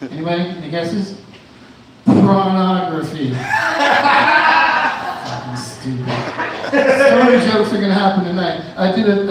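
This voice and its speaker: A male stand-up comedian with a fairly high voice, rambling loosely through his set. His voice booms around an echoey bar room and comes from a mic set some distance away. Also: darkish tone, slight background noise. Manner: rambling, loose, with many fillers and restarts. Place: indoor bar venue.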